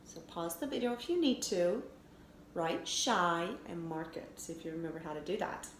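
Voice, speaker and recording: A woman teacher giving a recorded phonics lesson for children, sounding out letters slowly and clearly. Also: fairly low pitch, expressive. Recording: echoey room with faint noise.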